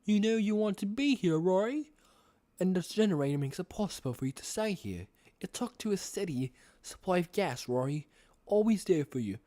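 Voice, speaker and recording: A man voicing a sinister, soothing older male villain in a put-on British accent. He talks in a coaxing, drawn-out way, reading a horror novel aloud. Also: high-pitched, big pitch swings, mellow, voice pushed up. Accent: attempted British. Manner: coaxing, drawn-out, repeats the boy's name.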